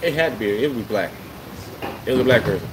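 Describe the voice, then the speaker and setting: A man co-hosting a podcast, bantering loosely in slang and getting loud when hyped. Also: medium pitch, lively intonation, fast, very noisy. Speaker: podcast co-host. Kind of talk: casual chat.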